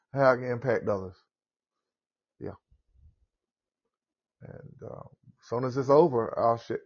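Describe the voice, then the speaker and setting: A man's voice: mid-range voice, gravelly, a little mellow. A man with a Southern US accent hosting a casual podcast conversation, chatty and rambling. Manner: rambling, chatty, laughs at himself. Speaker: podcast host. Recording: dull lo-fi audio.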